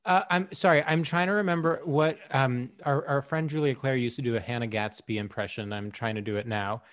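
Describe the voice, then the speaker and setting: A man's voice: medium pitch, steady tone, a little fast. A young man co-hosting a podcast in casual chat, playful and self-mocking, often laughing at himself. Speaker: podcast co-host.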